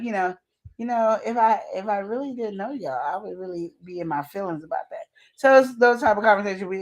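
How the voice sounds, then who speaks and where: Woman co-host, casual talk show chat, animated and given to acting out quotes. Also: medium pitch. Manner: animated, acts out quoted voices; laughs often. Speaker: podcast co-host. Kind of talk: casual chat reading viewer comments.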